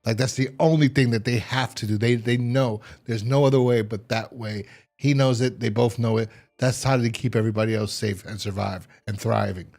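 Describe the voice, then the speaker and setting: A man's voice: medium pitch, steady tone, moderate pace, a little mellow. A man giving a casual, rambling recap of a TV episode, full of fillers and restarts. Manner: rambling, filler-heavy retelling. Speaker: TV episode reviewer.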